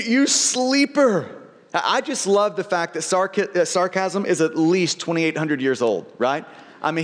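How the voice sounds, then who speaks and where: High-voiced pastor preaching in a reverberant hall. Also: male voice. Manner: earnest, frequent word repeats and restarts. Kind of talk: sermon.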